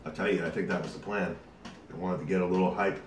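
A deep-voiced man rambles chattily to his viewers, sweating from a hot pepper and leaning on fillers as he talks. He sits back from the mic in an echoey room, and a faint hiss runs under his voice. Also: fairly even intonation, fast talker, far from the mic. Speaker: YouTube host. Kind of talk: casual vlog talk to camera.

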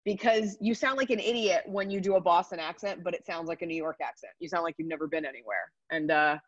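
Upbeat woman comic on a video call, lowish voice, dull muffled sound. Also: dry recording. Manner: chatty, upbeat, rapid asides. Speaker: comedian guest. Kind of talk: casual interview answers. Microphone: computer mic on a video call.

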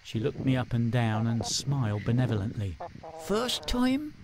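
A man's voice: medium pitch, steady tone, brisk, a crowd in the background. A man narrating his own memoir as an audiobook in a wry, self-deprecating way. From England.

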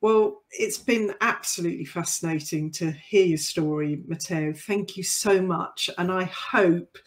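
A woman's voice: fairly low pitch, a little slow. Chatty middle-aged woman podcast host. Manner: chatty, laughs easily, with many "um" fillers. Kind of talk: warm conversational interview and scripted outro.

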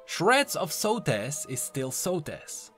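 A man narrating the lines of an eerie, pale lady spirit, calm and unhurried. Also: on the high side, faint music behind, full character voice.

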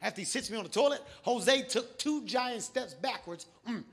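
A male stand-up comedian telling a profane, animated story on a large theater stage, speaking into a handheld mic. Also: very high-pitched, moderate pace. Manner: profane, animated, shouts for emphasis. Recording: live show, loud audience laughter and noise.

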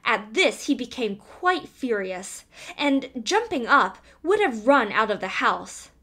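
A woman reading a fairy tale aloud as an audiobook narrator, in an expressive storytelling voice. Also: on the high side, slow.

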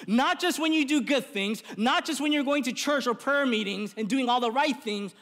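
A man's voice: very high-pitched, animated, moderate pace, few pauses, a bit bright. A man preaching a sermon as pastor in a church, earnest and rising to impassioned appeals. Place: church sanctuary. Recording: reverberant church hall.

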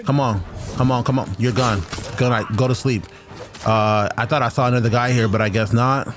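A young man commenting on his own gameplay, chatty and excitable, trash-talking enemies as he fights. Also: mid-range voice, fairly quick, over music. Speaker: gaming streamer. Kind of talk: let's-play commentary.

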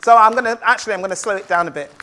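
A woman's voice: mid-range voice, rapid-fire, pushed and bright. A woman storyteller telling a tale live to an audience in a playful, rhythmic, call-and-response manner.

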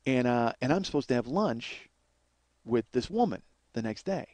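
A comedian host telling a crude personal story in a rambling, profane way, often repeating and restarting himself. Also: male voice, medium pitch, animated, normal speed, a little mellow, no echo.

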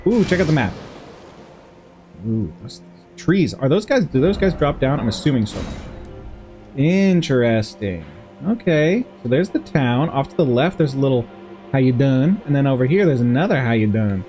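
A man's voice: medium pitch, sing-song, normal speed, darkish tone, faint music behind. A man playing a video game and chatting through it in a playful, rambling way, giggling and talking to the characters on screen. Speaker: gameplay streamer. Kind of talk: casual game commentary.

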